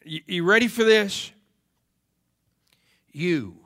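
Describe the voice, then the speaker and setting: A man preaching a sermon to a congregation, moving from steady teaching into loud, emphatic repetition. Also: sits high, measured pace. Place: church service before a congregation.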